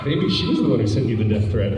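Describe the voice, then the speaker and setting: A man's voice: mid-range voice, sing-song, fast talker, over loud music. A man on a convention panel cutting in with dry, teasing jokes. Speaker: voice actor panelist. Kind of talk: joking panel banter. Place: large convention hall. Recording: echoey hall recorded from far off on a phone.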